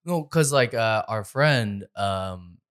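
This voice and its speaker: A man's voice: on the low side, lively intonation, slow, a bit bright, clean tone. A man with a Canadian accent co-hosting a casual chat, laid-back and laughing often. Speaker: podcast co-host.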